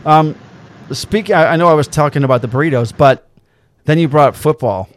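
A man's voice: on the high side, fairly quick. A man telling a story in casual chat, swearing freely and acting out the quotes.

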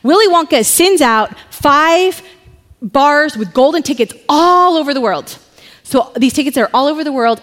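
A woman pastor giving a sermon, telling a story with animated, chatty asides. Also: sits high, normal speed. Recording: long reverb in a hall.

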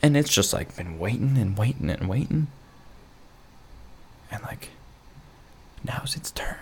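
A young man talks alone into a mic in his bedroom, drifting from one tangent to the next with a steady stream of fillers. His voice sits low with a gravelly fry, and the humor is dry and self-mocking. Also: measured pace, long pauses, slight background noise. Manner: rambling, full of "like" fillers and restarts. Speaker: podcast host. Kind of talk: rambling solo monologue. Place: his bedroom, lamp in the corner.

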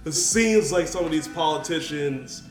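A man's voice: on the high side, expressive, moderate pace, far from the mic, soft background music. Laid-back man reading out news in an echoey room. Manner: reads out news items, laughs easily. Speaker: podcast co-host. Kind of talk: casual chat.

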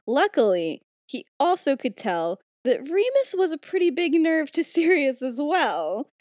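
A woman's voice: high-pitched, very animated, a little slow, darkish tone, no room sound, clean studio sound. A young adult woman hosting a podcast, casually retelling a story with lots of "like" and "um" and frequent giggles. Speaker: podcast host.

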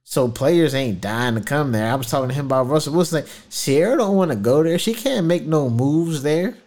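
A man's voice: a little high, a little fast. A man co-hosting a casual sports talk show, talking in a loose, colloquial way and acting out what others told him. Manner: animated, colloquial, slips into quoted voices. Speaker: podcast co-host.

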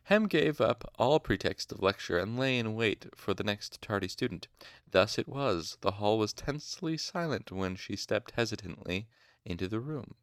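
A young man reads a novel aloud at home in a casual amateur style, stopping now and then to correct himself. His voice sits on the low side and the recording is dry and close. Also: animated, normal speed, clean tone, dry recording. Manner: informal, stops to make whispered asides and corrections. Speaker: amateur audiobook reader. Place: home room.

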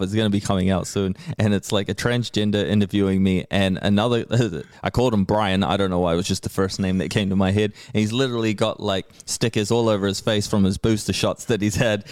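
A man's voice: fairly low pitch, darkish tone, dry recording, clean studio sound. A man, talking brashly as a podcast guest, swearing freely and laughing often. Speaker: podcast guest, rapper and comedian. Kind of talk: casual podcast conversation.

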